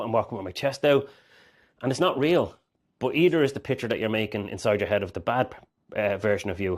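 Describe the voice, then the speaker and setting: Low-pitched guy giving a rambly coaching talk, keeps restarting, acts out what your mind says. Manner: earnest, rambling, with restarts and acted-out inner voices. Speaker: mindset coach. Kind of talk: direct-to-camera coaching talk.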